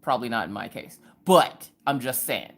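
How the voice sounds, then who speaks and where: Animated woman hosting a livestream. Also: very deep voice, moderate pace, breathy edge. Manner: animated, greets viewers by name with playful exclamations; joking, chatty asides. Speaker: livestream host. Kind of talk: casual livestream chat.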